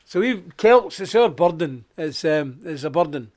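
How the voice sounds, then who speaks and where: A man hosting a live stream, preaching casually in a jokey, animated way, with loud emphasis and quiet asides. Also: a little high, measured pace.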